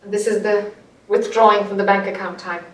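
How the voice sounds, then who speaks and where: A woman with an Irish accent, teaching a group, speaking earnestly and growing animated as she tells a story. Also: medium pitch, a little fast. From Ireland. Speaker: spiritual teacher. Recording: echoey room, voice from a distance.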